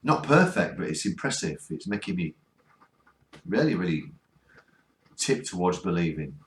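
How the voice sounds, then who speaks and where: With a low, very animated voice at normal speed, a ghost-hunting vlogger from the north of England coaxes spirits during a spirit box session. Standing in a cold spot, he earnestly keeps asking them to reply, and the room sounds echoey.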